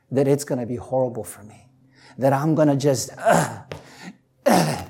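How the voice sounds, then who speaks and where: A pastor giving a casual, story-driven sermon, leaning on "you know" and swinging from loud to hushed. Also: medium pitch. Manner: chatty, anecdotal, heavy on "you know". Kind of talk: conversational sermon.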